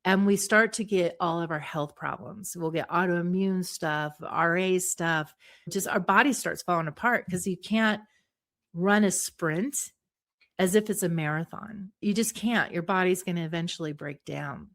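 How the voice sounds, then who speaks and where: A middle-aged woman psychologist, a guest on an interview show, explaining ideas in a lively way and acting out small examples. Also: fairly low pitch, unhurried. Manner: animated, acts out little voices and examples.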